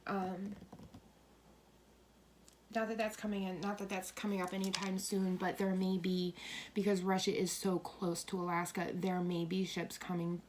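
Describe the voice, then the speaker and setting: A middle-aged woman giving a tarot and coffee-ground reading, rambling, cursing now and then, and slipping into soft whispers. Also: fairly low pitch, level tone, normal speed, a little hiss or hum. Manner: swears freely when relaying messages. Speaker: tarot reader.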